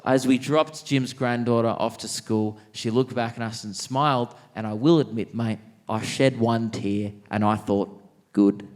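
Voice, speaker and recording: A man's voice: mid-range voice, fairly even intonation, measured pace, darkish tone, voice pushed down, close to an everyday voice. A man voicing an unfazed older male war veteran with an Australian accent, blunt and matter-of-fact. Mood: solemn. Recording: long theatre reverb, faint noise.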